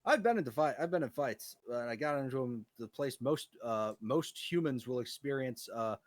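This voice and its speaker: A man's voice: medium pitch, lively intonation, normal speed, dry recording. An American man chatting casually, swearing freely as he rants through stories about his old job. His voice sits mid-range and sounds close and dry, with no room around it. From United States. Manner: profane, ranting storyteller. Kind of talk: casual chat.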